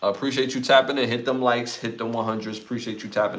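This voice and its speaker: A man with a Brooklyn accent hosting a casual live podcast, reading out chat comments and giving shout-outs in a laid-back way. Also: mid-range voice, steady tone, quick pace. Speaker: podcast host.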